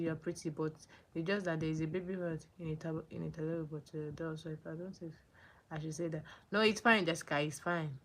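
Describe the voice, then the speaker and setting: A young woman from Nigeria hosting a casual livestream, greeting viewers by name and answering their comments, often repeating herself. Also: lowish voice. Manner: animated, repeats names and phrases, greets viewers. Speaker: livestream host.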